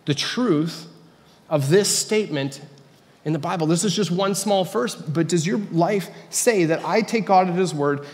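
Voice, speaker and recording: A man preaching a casual, conversational sermon as a pastor, with joking asides. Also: high voice. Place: church sanctuary. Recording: reverberant church hall.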